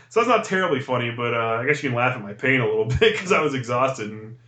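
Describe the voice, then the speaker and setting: A man's voice: mid-range voice, lively intonation, fast, bright, forceful tone, roomy sound. A man hosting a podcast in casual chat, easygoing and often laughing. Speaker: podcast host.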